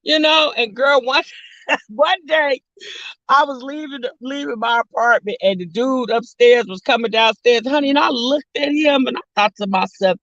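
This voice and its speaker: A woman vlogger telling a story to her viewers in a sassy, drawling, animated way, calling them honey and girl. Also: sits high, normal speed, no echo, highs cut off. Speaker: vlog host.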